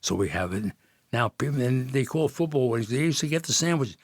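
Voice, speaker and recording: A man's voice: mid-range voice, animated, brisk, dry recording, clean studio sound. A man, a podcast guest telling rambling stories with frequent laughs and false starts. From Jersey City, New Jersey. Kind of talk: storytelling in casual conversation.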